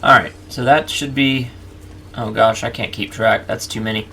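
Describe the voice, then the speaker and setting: A man's voice: lowish voice, fairly even intonation, moderate pace, sharp tone, slight background noise. A man hosting a let's play, chatting casually and narrating each move to the viewer. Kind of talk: casual gameplay commentary.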